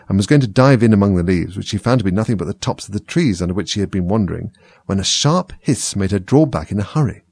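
A man reading a storybook aloud in a measured, expressive way. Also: lowish voice, breathy edge, no echo. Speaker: reader.

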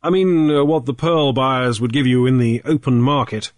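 A man reading a storybook, voicing a shrewd, cool male sea trader in a brisk, airy way with small hesitations. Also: mid-range voice, no room sound, clean studio sound, voice pushed up, lightly acted. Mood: cool, probing. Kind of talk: audiobook character voice.

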